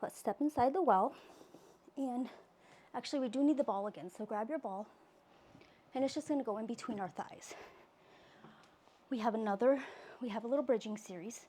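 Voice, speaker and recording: Leading a pilates class, a woman calls out exercise cues while doing the workout herself, exhaling breathily as she runs short of breath. Her voice is fairly high but dark in tone, at a moderate pace with frequent pauses, over slight background noise.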